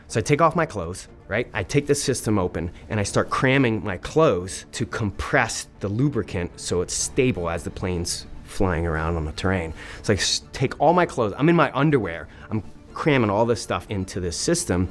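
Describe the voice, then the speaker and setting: Deep-voiced man telling a war story. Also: normal speed, faint music behind. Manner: excited retelling, acts out quoted dialogue, fillers like "like" and "man". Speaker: Air Force veteran telling his story. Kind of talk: animated personal storytelling.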